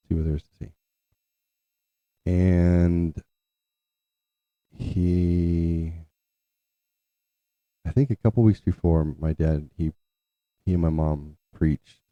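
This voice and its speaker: A man with a bass voice recounts a family story of his own, wandering as he goes and frequently starting sentences over. The recording is dry, dull, and lo-fi, with no echo.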